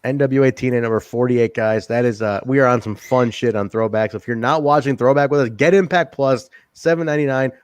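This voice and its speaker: A man's voice: mid-range voice, fast, few pauses, clean tone, no echo. A man hosting a wrestling podcast, signing off with loose, profane banter. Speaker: podcast host. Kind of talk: casual chat.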